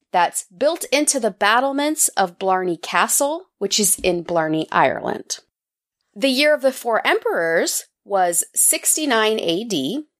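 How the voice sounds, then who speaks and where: A woman co-hosting a podcast, casually summarizing articles in a playful way and laughing often. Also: medium pitch. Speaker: podcast co-host.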